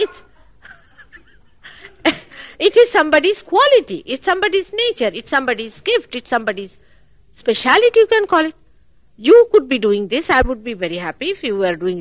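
A woman giving a spiritual talk at a public program, animated and full of rhetorical questions. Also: high-pitched, fairly quick, dry recording. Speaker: spiritual teacher.

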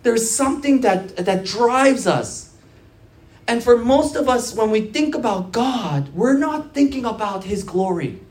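A pastor preaching a conversational sermon, telling stories in an animated way that swings from quiet to loud, often repeating and restarting phrases. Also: medium pitch, a little slow, reverberant.

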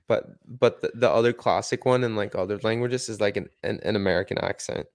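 A man's voice: fairly low pitch, a little fast, dry recording. Man, podcast co-host, casual chat, enthusiastic, dry room. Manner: enthusiastic, restarts a lot, playful.

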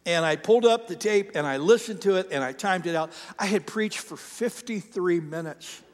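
High-voiced pastor preaching in a reverberant hall. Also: male voice, moderate pace. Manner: storytelling, self-deprecating and chatty. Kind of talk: sermon. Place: church sanctuary.

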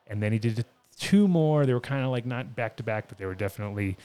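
A man's voice: medium pitch, expressive, fast talker, mellow, clear, resonant tone. Male talk-show host, casual and profane, easy banter. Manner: loose and profane, laughing often. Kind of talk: casual chat.

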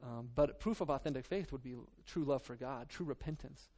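A pastor preaches a sermon to his church, reading scripture and then talking loosely and earnestly with many restarts and fillers. His voice is mid-range and darkish, and he speaks fairly quickly.

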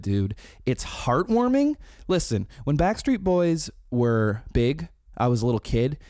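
A man in his thirties chatting casually, telling animated stories full of swearing, laughs and quoted impressions. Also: medium pitch, no echo, clean studio sound. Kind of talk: casual chat.

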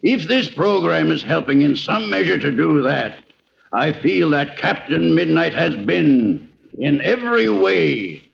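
A man earnestly reading a sponsor's holiday letter on an old radio program, in a deliberate, formal manner. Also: fairly high pitch, expressive, creaky. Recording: dull, faintly hissy old radio recording.

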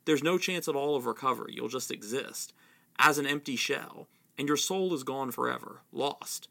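A man reading the lines of a calm, grave adult male wizard teacher from a storybook, in a quiet, measured way. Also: mid-range voice, gravelly.

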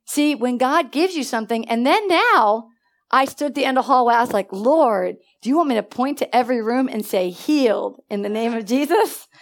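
A middle-aged woman preaching a sermon full of personal stories, swinging from hushed to loud and asking her listeners questions. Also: a little high, animated, moderate pace.

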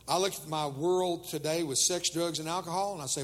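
A man's voice: fairly high pitch, fast, few pauses, fairly bright tone, big-room sound. An older man preaching a humorous sermon to teenagers, telling jokes and acting out the voices of people in his stories.

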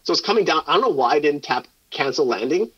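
A man's voice: on the high side, animated, quick pace, bright, forceful tone, husky. A man chatting casually as a podcast co-host, rambling with lots of fillers and restarts. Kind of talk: casual chat. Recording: dull lo-fi sound.

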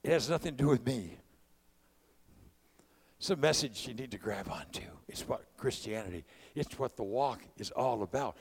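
A man's voice: mid-range voice, animated, moderate pace, slightly rough. Male preacher, mid-range voice, casual storyteller who rises to fervent exhortation. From California. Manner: preaching with rising bursts of volume; conversational storytelling. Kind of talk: sermon.

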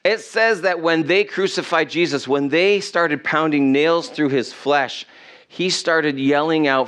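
A man's voice: fairly high pitch, measured pace, a bit bright. Man preaching a conversational sermon. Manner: conversational preaching with rhetorical questions. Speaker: pastor. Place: church.

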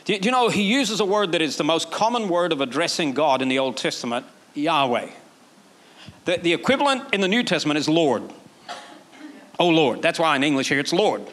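A man. He is animated and lifts his voice sharply when he acts out quoted prayers. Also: on the high side, brisk. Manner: animated preaching, acting out quoted prayers in a raised voice. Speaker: pastor. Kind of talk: sermon.

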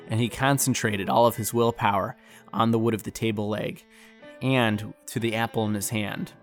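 A man narrating a fantasy story in a relaxed, conversational way. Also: on the low side, moderate pace. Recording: faint background music.

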